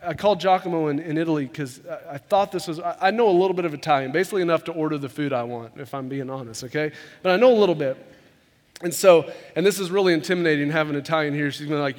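A man preaching a sermon to his congregation in an earnest, conversational way, often repeating words as he rushes ahead. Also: fairly high pitch. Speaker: pastor. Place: church sanctuary. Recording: long hall reverb.

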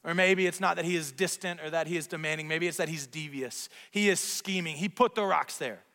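A man preaching a sermon as pastor, telling a story in an animated, self-mocking way in a church sanctuary. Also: on the high side, a little fast. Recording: long reverb of a large hall.

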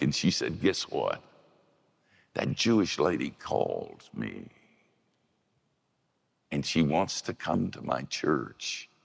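Older guy preaching, real deep gravelly voice, slow and swoopy, long echo like a big hall. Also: fairly bright tone. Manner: gravelly, folksy storytelling with shifts into high voices for quoted women. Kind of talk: sermon.

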